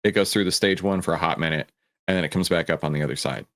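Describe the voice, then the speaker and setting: A man's voice: deep voice, quick pace, fairly bright tone. A man hosting a stock market commentary show, reacting to a clip and explaining a chart, emphatic and checking in with "right?" and "okay?". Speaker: host.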